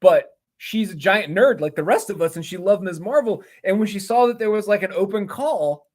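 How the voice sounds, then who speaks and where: Man, slightly high voice, co-host, casual chat, enthusiastic, rambling. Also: normal speed, a little mellow. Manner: enthusiastic, rambling with fillers and repeated starts.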